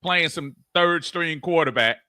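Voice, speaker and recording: A man co-hosting a casual sports talk show, joking and excitable, stumbling over his words. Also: a little high, unhurried, very noisy. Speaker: co-host.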